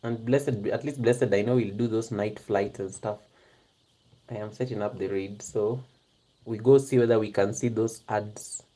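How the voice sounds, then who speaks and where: A live-streaming YouTuber chats casually with viewers, speaking straight to the chat in a hushed, giggly half-whisper. The voice is mid-range and mellow, with a steady tone and a moderate pace.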